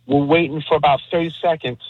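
A man calling in to a radio show to tell an animated story. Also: on the high side, quick pace, breathy edge, dry recording. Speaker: caller. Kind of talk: telling a story on a call-in show. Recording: tinny phone line.

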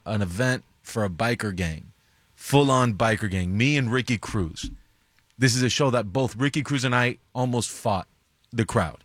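A man's voice: mid-range voice, a bit bright, dry recording. Man, stand-up comic guest, dry sound, self-mocking, casual chat. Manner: self-mocking, quick-talking, acts out quotes.

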